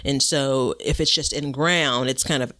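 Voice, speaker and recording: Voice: mid-range voice, steady tone, measured pace, pushed and bright, no echo, clean studio sound. A podcast co-host chatting casually about gardening, rambling and self-deprecating with lots of fillers.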